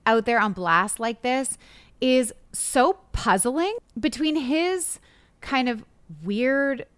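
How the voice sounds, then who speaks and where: A woman's voice: high-pitched, slow pace, clear, resonant tone, no room sound. A woman co-hosting a podcast, chatting casually and animatedly about celebrity gossip, with frequent "like"s. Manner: chatty, animated, says "like" often. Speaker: podcast co-host.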